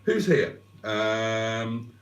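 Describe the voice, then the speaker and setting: Speaking very slowly with lively intonation, the man has a lowish voice that echoes, picked up from a distance. As a livestream host he casually reads out viewer comments, wandering off into fillers and asides.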